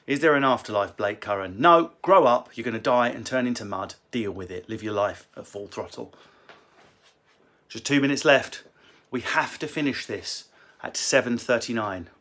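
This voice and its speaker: A comedian answering viewer questions in a casual Q&A, swearing and joking in quick asides, from a book-lined room at home on a phone. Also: male voice, lowish voice, fairly bright tone. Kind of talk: casual livestream Q&A.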